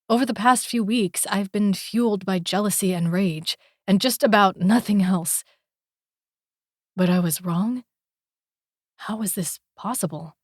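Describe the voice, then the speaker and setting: A woman narrating a first-person romance audiobook in a slow, deliberate, intimate reading. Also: mid-range voice, no room sound, studio quality.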